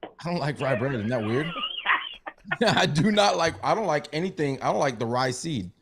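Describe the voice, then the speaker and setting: A man co-hosting a podcast in quick, crude banter, laughing and ribbing the others. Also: a little high, animated, background noise. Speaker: podcast co-host.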